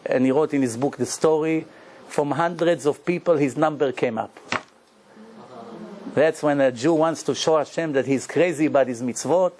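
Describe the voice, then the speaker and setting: A middle-aged male rabbi giving an animated Torah lecture in English with non-native grammar. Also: on the high side, moderate pace.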